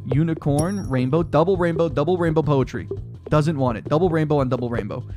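A young man hosting a gaming video, muttering to himself in casual commentary with excitable outbursts. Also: fairly high pitch, brisk, soft background music.

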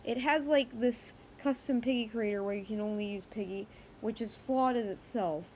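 A woman's voice: a little high, moderate pace, a little mellow, slight background noise. A woman hosting a casual gaming news roundup, chatty and rambling, often correcting herself mid-sentence.

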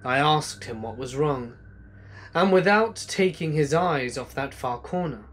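A man reading true scary stories aloud as a narrator, slow and hushed, letting his voice sink low at the ends of lines. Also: animated. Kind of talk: scripted horror narration.

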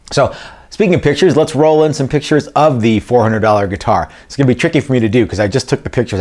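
A man hosting a casual guitar-building vlog, rambling and joking, often trailing off into low mumbled fillers and correcting himself. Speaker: guitar builder and channel host.

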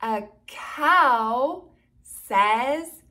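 A woman hosting a toddler learning video, speaking slowly and sounding out words in an exaggerated teaching manner. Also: a little high, expressive, bright, forceful tone. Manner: slow, exaggerated, sing-song teaching to toddlers. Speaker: children's educational video host. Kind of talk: toddler speech lesson.

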